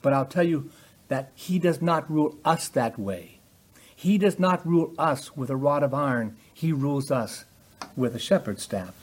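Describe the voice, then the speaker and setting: Husky-voiced man preaching emphatically. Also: on the high side, moderate pace. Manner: emphatic preaching, rising loud on key points. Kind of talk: sermon.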